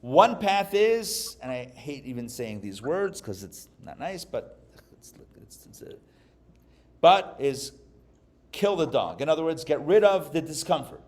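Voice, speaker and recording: A man from Pittsburgh, a rabbi giving a live class, who tells stories and jokes in an animated way. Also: on the high side, unhurried. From Pittsburgh, USA. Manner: animated, joking storyteller. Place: live class before an audience.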